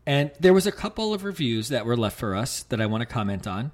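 A man's voice: medium pitch, sing-song, quick pace. A man co-hosting a podcast, chatting casually and jokingly, reading listener reviews aloud. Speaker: podcast co-host. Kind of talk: casual chat.

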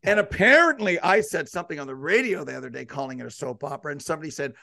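A man hosts a sports talk show in an easy, conversational way. He asks pointed questions and slips into lively asides. His voice sits high, and the sound is dry and close-miked. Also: rapid-fire, creaky, no room sound. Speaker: podcast host.

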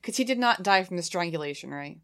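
A woman's voice: on the low side, animated, fast talker, a bit bright. A woman co-hosting a podcast, chatting casually and making wry, joking asides. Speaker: podcast co-host. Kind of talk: casual chat.

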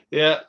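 A man co-hosting a podcast in casual chat, joking, laughing often and tagging questions onto his remarks. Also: dull audio. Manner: jokey, laughs often, adds tag questions. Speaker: podcast co-host.

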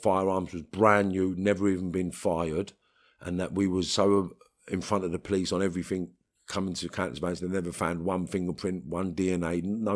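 A man with a London accent, talking bluntly and streetwise in an interview, with bursts of swearing. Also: low-pitched. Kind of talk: storytelling interview.

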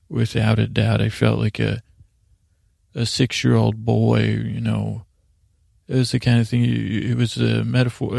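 A man hosting a sleep podcast, recapping a show in a meandering, halting way with deadpan asides. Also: fairly low pitch, creaky, no echo, clean studio sound. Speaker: podcast host.

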